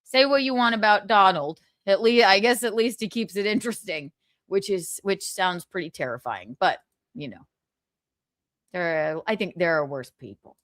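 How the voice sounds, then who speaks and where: A woman's voice: mid-range voice, normal speed, fairly bright tone, no echo, clean studio sound. A young woman hosting a livestream, chatting casually, reading viewer comments and laughing often. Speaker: livestream host.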